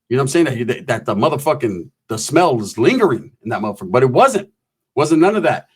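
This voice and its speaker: A man's voice: mid-range voice, sing-song, quick pace, husky. A man telling a rambling, profane story full of slang. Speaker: comedic storyteller. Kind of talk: casual storytelling.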